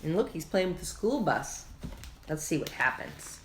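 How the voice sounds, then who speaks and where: A woman reading a children's picture book aloud, slow and expressive, with lively character voices. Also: deep voice, slight background noise. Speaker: children's story reader. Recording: echoey room.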